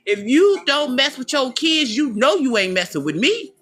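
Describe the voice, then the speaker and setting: A woman's voice: sits high, big pitch swings, normal speed, a bit bright, faint music behind. A middle-aged woman delivering a blunt, profane personal rant straight to the listener, calling them baby and boo. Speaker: vlogger.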